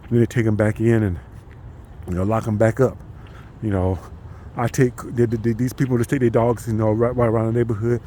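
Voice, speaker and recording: A man's voice: fairly low pitch, steady tone, fairly quick, dark tone, a little hiss or hum. A man vlogging outdoors in a park, talking casually and profanely, rambling with lots of "you know.". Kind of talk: casual walking vlog.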